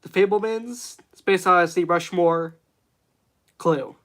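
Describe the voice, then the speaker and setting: A man hosting a relaxed live stream about movies, chatting off the cuff. He rambles, leans on fillers, and reads chat questions back aloud. His talk sounds unscripted and conversational throughout. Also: high-pitched, slow pace. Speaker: streamer host.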